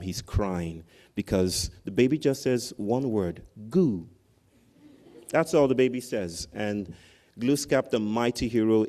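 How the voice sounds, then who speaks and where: Under a large outdoor tent at a ceremony, a man with a low, darkish voice gives a commencement speech. He tells a story animatedly and often tags his sentences with "right?".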